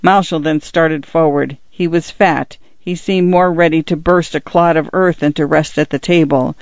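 A woman reading short stories aloud as the narrator of a reading service, measured and even. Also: sits low, no room sound. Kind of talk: scripted narration. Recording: dull, dry lo-fi recording.

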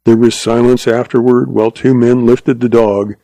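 A man narrating a western story in a measured, unhurried audiobook reading. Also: medium pitch, flat delivery, warm tone, dry recording.

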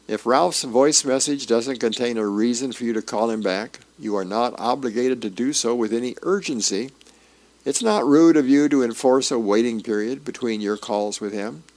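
A man's voice: mid-range voice, darkish tone. A man who is a volunteer reader, reading newspaper columns and comic strips aloud for a radio reading service in an easygoing way, with the odd filler. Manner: unhurried, homey reading with small fillers and restarts.

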